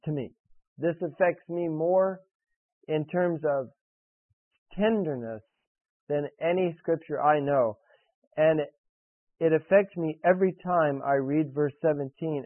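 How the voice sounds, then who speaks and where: A man's voice: a little high, unhurried, long pauses, dry recording. A man preaching a sermon and reading scripture, earnest and direct, pressing questions on his listeners. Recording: tinny, dry radio broadcast.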